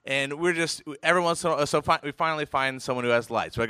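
A man telling a casual personal anecdote in an animated way, chuckling often and restarting his sentences. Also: fairly high pitch, very fast, smooth, no room sound, studio quality. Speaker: storyteller.

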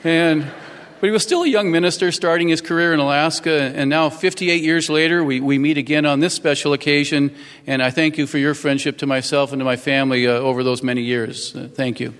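A man's voice: fairly high pitch, fairly even intonation, fairly quick, a bit bright, smooth, in a large hall. A man in his fifties giving a folksy, earnest public speech as a newly sworn-in mayor, thanking people at a ceremony. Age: 50s. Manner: folksy and earnest, with many fillers.

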